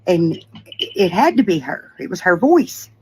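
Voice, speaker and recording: A woman's voice: on the low side, sing-song, moderate pace, a little mellow, a little hiss or hum, low-quality recording. Older woman, earnest and shaken, casual home-video storytelling. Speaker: scam victim telling her story.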